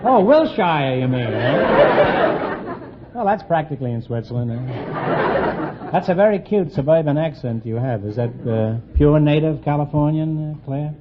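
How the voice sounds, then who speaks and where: A man hosts a quiz show in teasing, wisecracking banter, firing off quick puns. The recording is a muffled 1950s broadcast buried under heavy hiss. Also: on the high side, sing-song, over a noisy crowd. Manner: teasing, quick punning asides.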